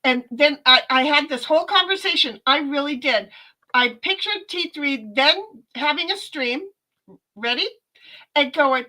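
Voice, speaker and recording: Bright-voiced woman streamer, earnest and heartfelt. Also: sits high, unhurried, low-quality recording. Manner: earnest and heartfelt, often repeating words as she searches for them; frank, with casual swearing. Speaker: livestream host. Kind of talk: casual livestream chat, reading out viewer comments.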